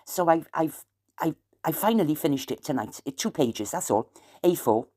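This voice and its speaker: Woman, South Welsh accent, deep-pitched, chatty, meandering vlogger. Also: animated, moderate pace, dark tone. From South Wales. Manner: chatty, wandering, aggrieved asides. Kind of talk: rambling late-night chat to camera.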